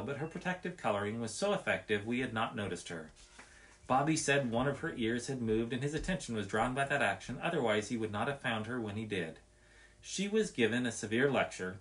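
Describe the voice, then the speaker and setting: A man reading a nature story aloud in an expressive, measured way. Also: medium pitch.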